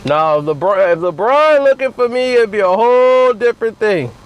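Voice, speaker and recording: A man's voice: high-pitched, lively intonation, normal speed, smooth, poor audio. A man vlogger telling a slangy comedic rant outdoors. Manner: slangy, laughing storyteller.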